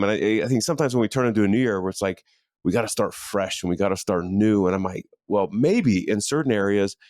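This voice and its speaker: Middle-aged male podcast host, lower pitch, earnest and conversational, dry close studio mic in a home office. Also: darkish tone, no echo. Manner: earnest, conversational, with frequent fillers and restarts. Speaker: podcast host and leadership coach. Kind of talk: casual motivational monologue. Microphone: studio microphone in a home office.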